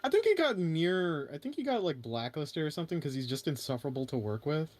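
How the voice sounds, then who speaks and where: A man's voice: fairly high pitch, sing-song, fast, a little mellow. A young man co-hosting a casual podcast from home, chatting in a laid-back, teasing way. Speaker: podcast co-host. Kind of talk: casual chat.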